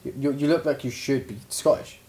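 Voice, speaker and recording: A man in relaxed podcast banter with a friend. He teases, rambles, and laughs often. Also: medium pitch, moderate pace. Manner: teasing, chatty, laughs often. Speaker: podcast co-host. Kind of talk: casual banter.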